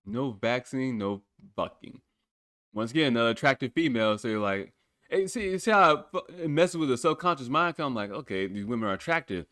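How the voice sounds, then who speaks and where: A man's voice: mid-range voice, expressive, fast, fairly bright tone, no echo, studio quality. A man hosting a podcast, reacting to a music video in casual, blunt, profane talk, often breaking into incredulous laughter. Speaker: podcast host.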